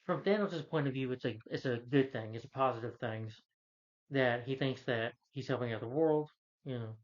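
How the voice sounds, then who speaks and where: A man's voice: mid-range voice, normal speed, highs cut off. A man casually recapping a film's plot, rambling with lots of fillers and self-corrections. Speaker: film reviewer.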